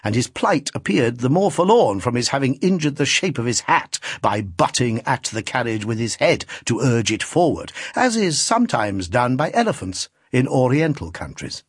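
A man narrating a classic novel as an audiobook, reading in an expressive, theatrical manner. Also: mid-range voice, normal speed, few pauses, breathy edge, no echo, studio quality.

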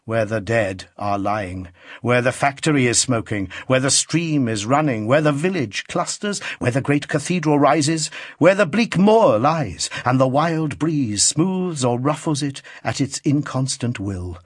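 A man narrates a classic novel with a rhythmic, building delivery. His voice is husky, and his pitch swings widely through the phrases. The recording is dry and close to the mic. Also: animated, measured pace, no room sound. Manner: rhythmic, building, dramatic reading. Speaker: audiobook narrator. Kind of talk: scripted narration.

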